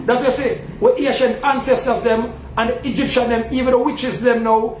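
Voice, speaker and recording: A man's voice: very high-pitched, flat delivery, a little fast, darkish tone. A man with a Jamaican accent, preaching emphatically to his audience as a self-styled Maroon chief and asking again and again whether they understand. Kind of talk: preaching monologue. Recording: roomy echo with faint ambient noise.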